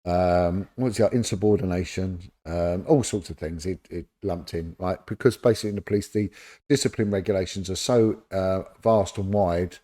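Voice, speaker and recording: Warm-voiced London man telling anecdotes. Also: low voice, moderate pace. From London, England. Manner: animated anecdotes, acting out quoted voices. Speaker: former police detective, podcast guest. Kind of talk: casual storytelling interview.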